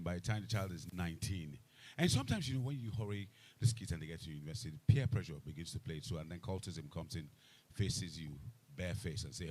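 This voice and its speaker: A man moderating a live panel, emphatic and repetitive, growing loud and animated, speaking into a microphone. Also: low-pitched, fast talker, husky. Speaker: event moderator. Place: event hall with a microphone. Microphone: handheld event microphone.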